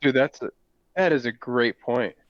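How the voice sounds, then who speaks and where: A man's voice: mid-range voice, moderate pace, no echo. A man co-hosting a live stream in casual chat, joking around and tripping over his words. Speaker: co-host of a crypto game stream. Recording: dull, dry home mic audio.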